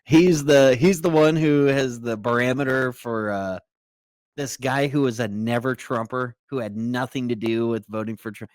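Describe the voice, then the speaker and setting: Male podcast co-host, mid-pitched, reads headlines and riffs casually; dry, close sound. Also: normal speed, darkish tone, no echo. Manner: casual, reads news excerpts aloud, breaks into asides. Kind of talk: political commentary podcast.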